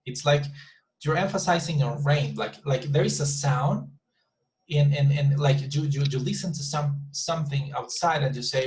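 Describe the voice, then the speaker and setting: An online English teacher, male and a little high in pitch, takes his time modelling sample sentences and patiently repeating words. The recording quality is low.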